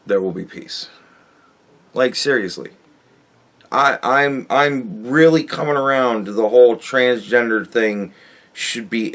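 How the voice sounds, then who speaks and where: Slow-talking exasperated ranting man. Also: medium pitch. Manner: exasperated, profane, sarcastic, many restarts. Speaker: podcast host. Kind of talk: casual solo rant.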